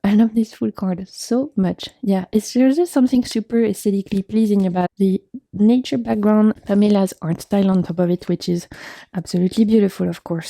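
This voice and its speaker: Young woman with a gravelly, dark voice, chatty and gushing over her deck collection. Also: medium pitch, dry recording. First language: French. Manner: enthusiastic, gushing, frequent laughs and fillers. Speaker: tarot vlogger. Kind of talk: casual chat showing tarot decks.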